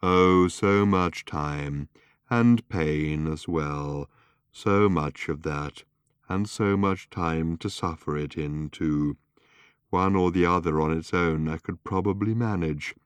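Guy reading as a rusty old robot, deep hollow rattle, groans slow and gloomy, dry sound. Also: smooth, dry recording. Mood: mournful. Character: ancient gloomy male robot, rusty, self-pitying.

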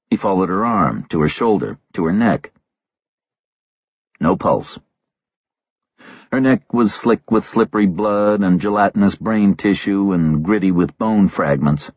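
A man narrating a thriller audiobook in a measured, terse delivery on a slightly dull recording. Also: low-pitched, husky, no room sound.

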